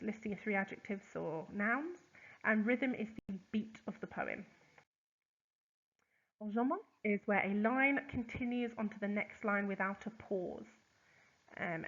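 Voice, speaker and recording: A woman, a teacher, explains poetry terms in a chatty recorded lesson, with lots of ums and quick examples. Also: medium pitch, a bit bright, muffled recording. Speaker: English teacher.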